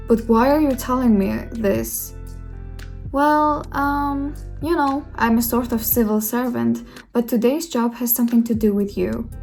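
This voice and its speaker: A woman's voice: a little high, creaky, darkish tone. A woman voicing a frank young civil servant. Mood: friendly. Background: faint music.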